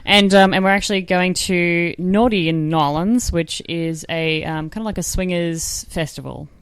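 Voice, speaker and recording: Smooth-voiced Australian woman chatting. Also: lowish voice, moderate pace. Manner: chatty, hesitant with many fillers. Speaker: guest podcast co-host. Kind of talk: casual chat.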